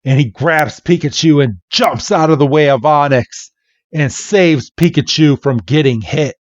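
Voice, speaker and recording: Slow-paced man retelling a comic. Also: fairly high pitch, no echo, lo-fi sound. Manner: animated, playful storytelling. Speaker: podcast host. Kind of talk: casual comic recap narration.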